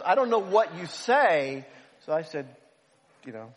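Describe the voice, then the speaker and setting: Animated pastor telling a story in a reverberant hall. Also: male voice, fairly high pitch, normal speed, a little hiss or hum. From United States. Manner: animated, self-deprecating storyteller. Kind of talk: storytelling sermon.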